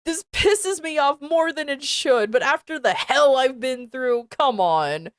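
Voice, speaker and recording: In a studio-quality clip with no room sound, a woman streamer with a high-pitched, animated voice speaks at a measured pace. Reading a text aloud live, she rants and curses at it, repeating herself in exasperated disbelief.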